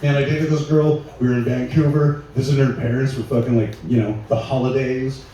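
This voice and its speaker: Profane stand-up comedian in an echoey room. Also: male voice, mid-range voice, flat delivery, fairly quick, mellow. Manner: loose, profane, laughing through his bits. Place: small live venue with an audience. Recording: echoey room, mic heard from a distance, faint noise.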